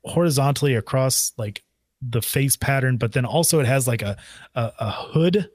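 A man co-hosting a podcast speaks hesitantly and keeps restarting his thoughts with fillers. His pitch is middling, and the sound is close and dry, with no room echo. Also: moderate pace, a little mellow. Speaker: podcast co-host. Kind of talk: casual chat.

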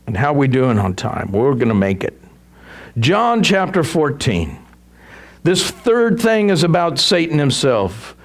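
A male pastor preaching a sermon in a conversational way, often chuckling as he explains scripture. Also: a little high.

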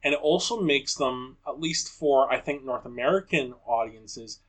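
A man's voice: mid-range voice, moderate pace, a loud crowd. A man co-hosting a podcast in casual chat, thoughtful and explanatory, often agreeing. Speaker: podcast co-host.

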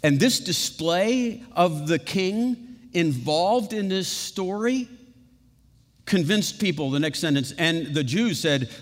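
A man's voice: high-pitched, lively intonation. Man preaching in a reverberant hall. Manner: dynamic preaching, swinging from emphatic peaks to hushed, slow passages; conversational asides with rhetorical questions. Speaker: pastor. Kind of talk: sermon. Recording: long reverb of a large hall.

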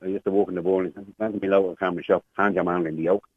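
A man's voice: sits low, steady tone, rapid-fire, breathy edge, dry recording. An Irish man in his sixties calling a radio show, rambling through a long story and acting out the voices of the people in it. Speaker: caller. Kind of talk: phone-in storytelling. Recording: muffled phone line.

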